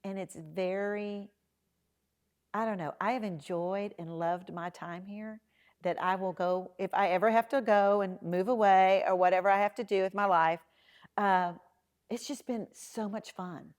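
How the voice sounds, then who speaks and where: A middle-aged woman, a podcast guest telling lively stories and acting out the voices of the people in them. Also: medium pitch, a little slow. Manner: animated storyteller, acting out quoted dialogue. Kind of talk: storytelling in a casual interview.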